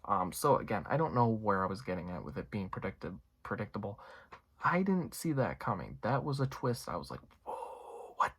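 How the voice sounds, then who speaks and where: A man's voice: on the low side, sing-song, a little fast, fairly bright tone, husky. A young man giving a casual, rambling movie review, full of fillers and asides. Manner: rambling, lots of fillers and you-knows.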